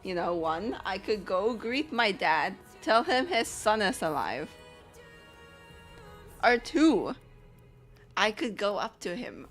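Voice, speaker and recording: A woman's voice: medium pitch, fairly bright tone. A woman putting on a smug, mischievous male hero of legend, speaking in a casual, offhand way and drawing out her words.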